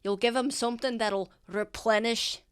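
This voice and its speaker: A woman voicing a burly male orc barkeep with a put-on Scottish accent, pushing his goods in a loud, conspiratorial sales pitch. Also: fairly even intonation, moderate pace, clean tone, natural voice. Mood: pushy.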